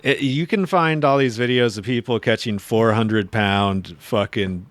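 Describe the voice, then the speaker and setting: A man's voice: mid-range voice, unhurried, no echo. A man co-hosting a comedy podcast in a studio, talking bluntly and swearing casually. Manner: blunt, profane, matter-of-fact. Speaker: podcast co-host.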